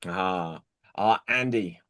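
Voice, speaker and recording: A man's voice: sits low, fairly bright tone. A man hosting an improv comedy game, calling on players by name and telling his own bar jokes in a casual way. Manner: unhurried, calls on players by name.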